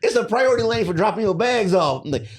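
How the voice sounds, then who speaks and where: A man's voice: high voice, expressive, quick pace, over a noisy crowd. A man on a comedy podcast telling playful anecdotes and mimicking other people's voices. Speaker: podcast co-host. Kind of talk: casual comedic chat.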